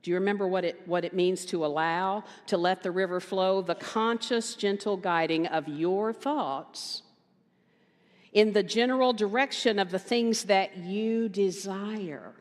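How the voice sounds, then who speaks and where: A woman minister giving a conversational sermon, telling a story with animated quoted voices and emphatic repetition. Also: medium pitch, measured pace. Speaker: guest minister. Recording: reverberant hall.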